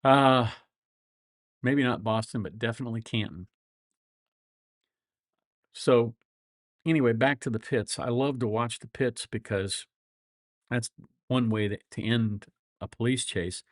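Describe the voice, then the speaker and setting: A middle-aged man with a flat Midwestern accent, a lawyer hosting a casual livestream, rambling through folksy stories and chuckling often. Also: medium pitch, measured pace, long pauses, no room sound, studio quality. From grew up all over the world.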